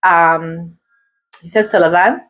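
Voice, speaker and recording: A woman teaching the weekly Torah portion in a lively, questioning way, sprinkling in Hebrew terms and acting out the figures' voices. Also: on the low side, slow, soft background music, rough recording.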